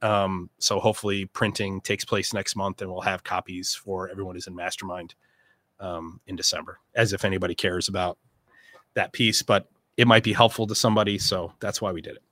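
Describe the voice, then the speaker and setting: A man's voice: low voice, level tone, fairly quick, fairly bright tone, no echo. A man in his forties hosting a casual live session, talking loosely with many fillers and restarts, heartfelt when he speaks about family. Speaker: host of a members' live session. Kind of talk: casual live-stream talk.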